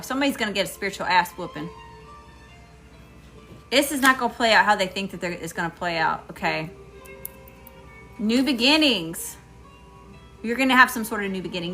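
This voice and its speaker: A middle-aged woman with a Southern US accent, giving an emphatic live tarot reading straight to her viewers. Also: mid-range voice. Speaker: tarot reader.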